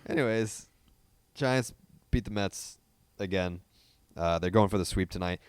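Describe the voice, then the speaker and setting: A man's voice: deep voice, unhurried, clear, resonant tone, no echo, studio quality. A man co-hosting a baseball podcast in a casual, wry way, swearing now and then. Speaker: podcast co-host. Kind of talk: casual chat.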